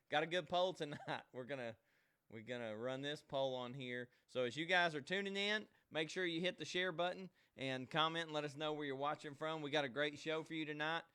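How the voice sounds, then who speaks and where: A man's voice: mid-range voice, bright, forceful tone, clean tone. A man hosting a live online show alone, chatting casually and folksily straight to his viewers. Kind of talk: casual livestream chat.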